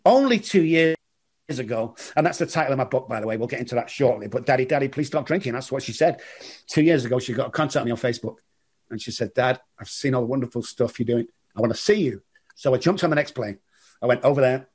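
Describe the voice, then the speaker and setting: A middle-aged man speaking in a mid-range voice. He tells his story earnestly as an interview guest, halting now and then and repeating words. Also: mid-range voice, expressive, darkish tone, slightly rough. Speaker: guest in recovery.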